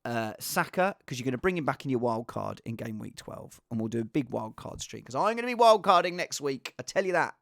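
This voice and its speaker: A man giving casual, rambling fantasy football advice in an excitable, self-deprecating way. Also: mid-range voice, brisk, gravelly, hardly any pauses, dry recording, studio quality.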